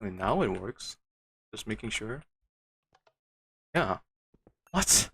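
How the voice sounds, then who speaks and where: A man's voice: lowish voice, big pitch swings, slow, vocal fry, fairly bright tone, breathy edge, dry recording. A man streaming a game, muttering to himself with frustrated, disbelieving outbursts. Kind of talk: casual gameplay commentary.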